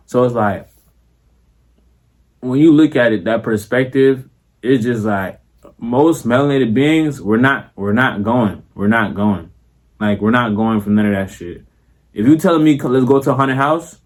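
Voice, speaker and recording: Slangy, animated young man. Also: on the high side. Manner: slangy, profane, animated, acts out quoted voices. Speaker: vlogger. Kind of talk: casual monologue.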